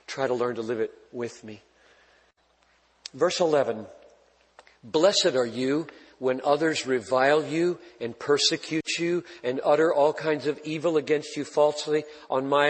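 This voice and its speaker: A man preaching a sermon with passion, rising to loud emphatic peaks and dropping to quiet, intimate asides. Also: a little high, measured pace, big-room sound, rough recording. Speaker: pastor.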